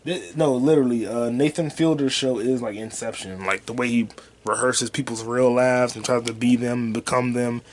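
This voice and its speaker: A man hosting his own podcast in loose, profane, slangy chat, with excited bursts and quiet mutters as he reads comments. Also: mid-range voice, normal speed, slight background noise. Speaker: podcast host. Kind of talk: casual solo podcast chat.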